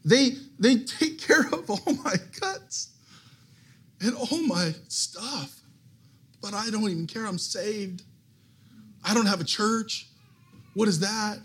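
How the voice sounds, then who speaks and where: A middle-aged male pastor preaches to a church service, spinning a personal story with self-deprecating jokes and excited restarts. His voice sits high for a man and has a husky, slightly raspy edge. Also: slow pace, pauses often. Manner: animated, self-mocking, restarts when excited. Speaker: guest pastor. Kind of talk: humorous sermon storytelling.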